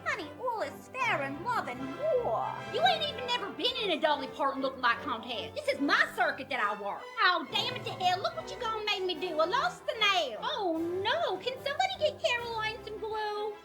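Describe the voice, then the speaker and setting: A woman's voice: very high voice, sing-song, a little fast, hardly any pauses, over loud music. A woman playing a brash, dramatic woman in a lookalike contest. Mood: feuding. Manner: feisty, dramatic, catty. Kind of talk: comedy sketch acting.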